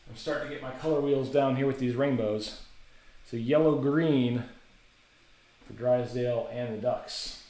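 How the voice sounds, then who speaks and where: A man's voice: medium pitch, steady tone, a little slow, pauses often, mellow, reverberant. Chatty man hosting a card break. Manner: casual, chatty, rattles off names. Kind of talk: live card-break commentary.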